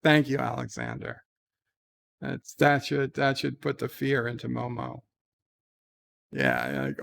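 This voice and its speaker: A man hosting a casual livestream from home, reading viewer messages aloud and answering them with animated emphasis. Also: medium pitch, slow, vocal fry, pauses often. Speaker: livestream host reading chat. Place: home, talking from bed.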